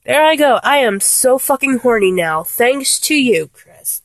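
A young woman in a one-sided audio role-play, talking to an unseen partner. She is breathless and giddy, and she swings from low murmurs to high squeals. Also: lively intonation, measured pace, dry recording.

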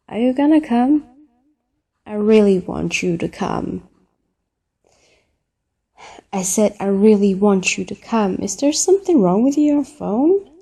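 A woman's voice: mid-range voice, gravelly, mellow, slightly rough. A woman performing a flirty phone-call role-play in a teasing, playful way, stretching her words out.

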